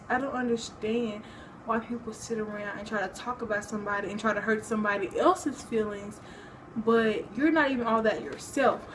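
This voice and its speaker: A woman's voice: fairly high pitch, slight background noise. A young woman talking casually to her own vlog, rambling with many fillers and restarts. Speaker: vlogger. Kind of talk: casual personal vlog talk.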